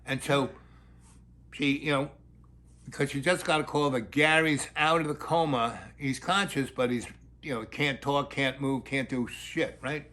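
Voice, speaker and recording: An older man rambling through a long story in a blunt, crude, animated way. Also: medium pitch, unhurried.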